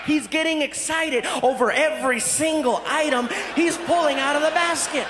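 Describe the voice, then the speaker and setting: A man telling a story in stand-up comedy, animated, acting out other people's voices. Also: very high-pitched, moderate pace, few pauses, long reverb tail, heavy background noise. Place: large live venue. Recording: live stage mic, roaring crowd.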